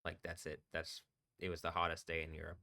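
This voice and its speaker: A man's voice: deep voice, monotone, brisk, creaky, bright, forceful tone. A man rambling and swearing on a live stream, often breaking into laughter. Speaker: livestreaming DJ.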